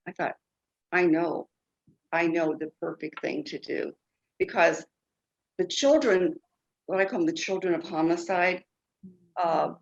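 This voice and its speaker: A woman guest telling her story slowly and earnestly, with halting restarts. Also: lowish voice, dull audio. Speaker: guest, foundation founder. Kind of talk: interview storytelling.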